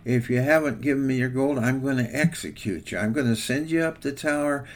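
A man's voice: mid-range voice, brisk, lightly acted. Older man telling of a greedy blustering king. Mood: threatening. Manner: blustering and demanding. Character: greedy, threatening male king.

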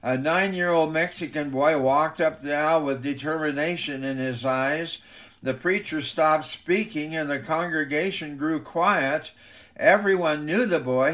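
A man's voice: fairly high pitch, fairly bright tone. A man preaching a sermon as a pastor, reading scripture and telling stories in an earnest way. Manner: earnest storytelling preacher, reads scripture aloud.

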